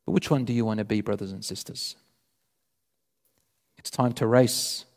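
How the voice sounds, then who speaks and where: A man preaching a sermon, retelling a story with animated delivery and voicing both sides of the dialogue. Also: on the low side, normal speed. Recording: long hall reverb.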